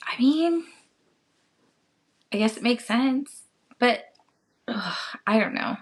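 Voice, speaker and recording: A woman co-hosting a podcast, chatting casually in an unhurried, hesitant way with many filler words. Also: fairly high pitch. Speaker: podcast co-host.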